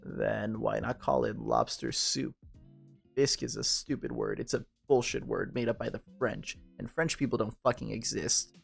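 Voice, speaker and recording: A man's voice: lowish voice, expressive, moderate pace, gravelly, slightly rough, faint music behind. A tipsy man in casual game commentary, reading the text aloud, rambling and swearing. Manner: rambling, profane, tipsy and joking. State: drunk. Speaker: game streamer.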